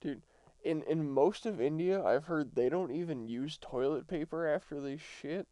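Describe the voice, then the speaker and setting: A man's voice: a little high, moderate pace, warm tone, no echo. A man co-hosting a podcast, chatting casually in crude, mocking rants. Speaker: podcast co-host. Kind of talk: casual chat.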